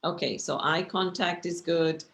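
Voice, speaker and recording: Creaky-voiced woman teaching over video call. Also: lowish voice, fairly even intonation, a little slow, a bit bright. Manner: conversational, gestures while talking, often checks in with "right?". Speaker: teacher of a communication class. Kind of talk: online lecture with slides.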